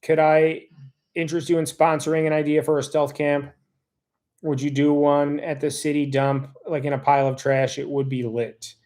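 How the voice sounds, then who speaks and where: A man's voice: a little high, little pitch movement, normal speed, darkish tone. A man hosting a livestream in casual chat, reading viewer comments aloud and thanking people by name. He rambles in a heartfelt way and often loses his place. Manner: loses his train of thought, restarts sentences. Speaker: livestream host.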